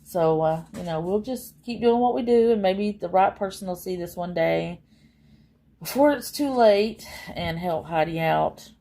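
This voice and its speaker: A woman's voice: fairly low pitch, lively intonation, unhurried, gravelly, warm tone. A woman chatting casually on a livestream, rambling and exasperated, with many fillers.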